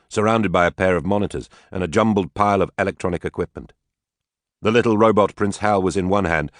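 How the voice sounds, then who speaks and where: A man reading an audiobook novel aloud as its narrator, in measured storytelling. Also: low voice, dry recording, clean studio sound. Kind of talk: scripted narration.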